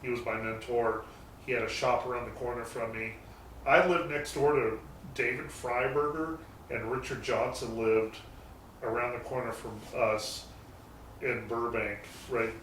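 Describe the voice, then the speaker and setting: A man's voice: mid-range voice, little pitch movement, normal speed, a bit bright. Man rambling in an echoey garage. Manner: rambling anecdotes with mild swearing. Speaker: guest, garage shop owner. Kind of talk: casual storytelling chat. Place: his garage shop. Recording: echoey garage, distant mic, faint noise.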